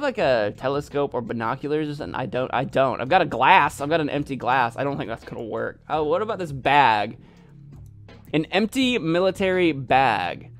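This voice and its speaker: A man casually narrating his own gameplay, rambling and joking at himself. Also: mid-range voice. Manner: rambling, self-mocking. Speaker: gaming video host. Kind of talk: let's-play commentary.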